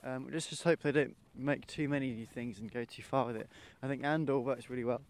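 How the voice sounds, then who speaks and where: A man's voice: mid-range voice, fairly even intonation, a little fast. A young man co-hosting a podcast in easygoing, agreeable chat, steering the talk onward. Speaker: podcast co-host. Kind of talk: casual chat.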